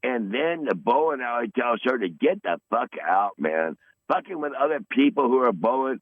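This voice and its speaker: A man's voice: mid-range voice, sing-song, normal speed, dry recording. A man in his sixties, calling into a podcast, telling rambling profane stories in a combative, boastful way. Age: 60s. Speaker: regular caller on a podcast. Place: in his van. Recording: tinny phone line.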